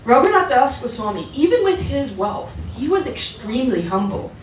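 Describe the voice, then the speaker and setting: Lively woman teaching in an echoey hall. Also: high voice, normal speed, far from the mic, slight background noise. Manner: conversational, asks the audience questions. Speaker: devotional class speaker. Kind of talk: casual devotional talk to a group. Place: temple hall.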